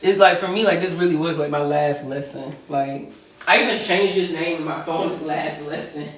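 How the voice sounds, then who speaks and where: A woman venting on a casual livestream, rambling and emotional, at times breaking into loud outbursts. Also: fairly low pitch. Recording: roomy sound, far from the mic.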